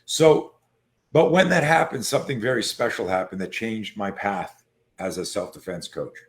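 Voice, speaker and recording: A man being interviewed as a self-defense coach, telling stories in a lively casual way and acting out what people said. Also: lowish voice, moderate pace. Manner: animated storyteller who acts out quoted voices; frequent fillers and restarts.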